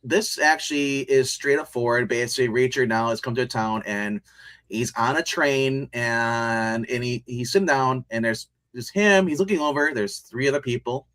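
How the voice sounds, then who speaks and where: Rambling, animated man reviewing a show. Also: mid-range voice, moderate pace. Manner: rambling and animated, many restarts and laughs, retells scenes. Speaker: podcast co-host reviewing a TV show. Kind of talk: casual review chat.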